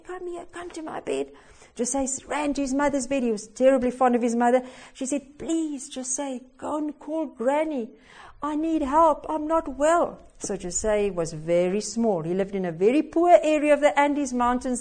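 A woman giving a sermon and telling a story, slow and emphatic, her voice swelling loud and sinking soft. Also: fairly high pitch. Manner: slow and emphatic, with big swings in loudness. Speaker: preacher.

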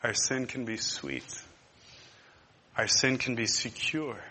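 A man preaching a sermon, impassioned and emphatic. He moves between hushed and loud. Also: mid-range voice, sing-song, takes it slowly, husky, in a large hall. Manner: repetitive, emphatic.

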